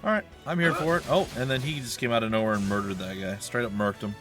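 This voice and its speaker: A man's voice: medium pitch, quick pace, a bit bright, faint music behind. A man hosting a let's play, chatting casually and joking as he talks to the enemies on screen. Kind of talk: casual gaming commentary.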